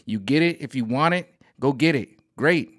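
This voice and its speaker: A man ranting casually to camera as a vlogger, animated and exasperated. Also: medium pitch, moderate pace, no room sound, clean studio sound. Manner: animated, exasperated, jumps into quoted voices. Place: home room set up for streaming.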